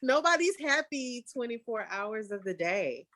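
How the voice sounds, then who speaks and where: A woman artist hosting a casual conversation, talking candidly and emphatically and often breaking into animated quoted outbursts. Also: fairly high pitch, measured pace, dry recording. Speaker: artist and podcast host.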